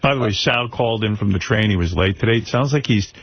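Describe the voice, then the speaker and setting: A man's voice: fairly low pitch, fast talker, no room sound, dull audio. A man hosting a radio show, wry and teasing toward his guests. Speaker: radio host.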